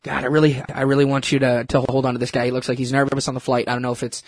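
A man telling a personal story in a casual, animated, self-mocking way, with lots of restarts. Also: mid-range voice, very fast. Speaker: churchgoer sharing a testimony.

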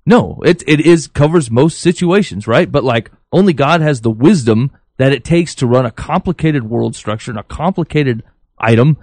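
A man's voice: mid-range voice, animated, moderate pace, darkish tone, dry recording. A man co-hosting a podcast, giving his views earnestly, thinking aloud with many fillers and restarts. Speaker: podcast co-host. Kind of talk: casual opinion chat.

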